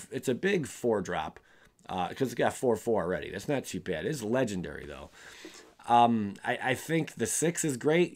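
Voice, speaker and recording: A man's voice: mid-range voice, a little mellow. A young man hosting a casual card review, rambling and often stumbling over and correcting his words. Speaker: card game video host.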